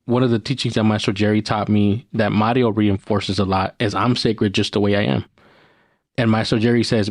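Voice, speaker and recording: A man co-hosting a podcast, speaking gently and encouragingly and laughing easily as he reflects. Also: fairly low pitch, steady tone, fairly quick, no echo, studio quality. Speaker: co-host.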